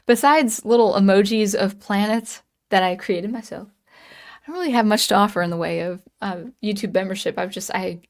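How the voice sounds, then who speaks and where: A woman in her late thirties chatting casually on a livestream, telling a story with lots of restarts and reading the chat aloud. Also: mid-range voice. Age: 30s. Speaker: livestream host.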